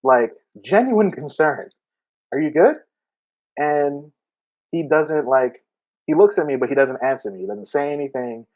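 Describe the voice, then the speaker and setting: A man in a casual podcast chat, spinning a workplace story with plenty of laughs and quoted lines. His voice sits in an ordinary middle pitch. The recording is a little dull and lo-fi. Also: expressive, normal speed, darkish tone. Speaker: podcast co-host.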